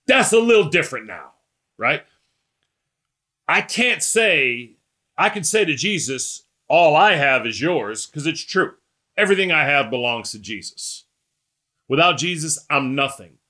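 Man, sermon, emphatic, rhetorical repetition, bright tense voice. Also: fairly high pitch. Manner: emphatic, rising and slowing on quoted scripture. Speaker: preacher.

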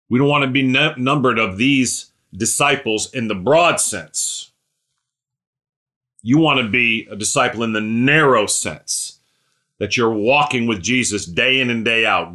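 Emphatic preacher, bright voice. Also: male voice, medium pitch. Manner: swings from loud emphatic lines to hushed, mumbled asides. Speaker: pastor. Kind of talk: sermon.

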